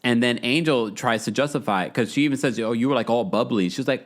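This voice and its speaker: A man hosting a casual reality TV recap, talking playfully and jumping his pitch up to mimic the people he quotes. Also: fast talker. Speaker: podcast host recapping reality TV. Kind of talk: casual chat.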